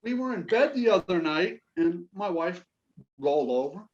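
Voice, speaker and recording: Deadpan Southern man doing stand-up. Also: sits high, moderate pace, dull audio. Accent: Southern American. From Kentucky. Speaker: stand-up comedian, Navy veteran. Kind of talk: stand-up comedy set.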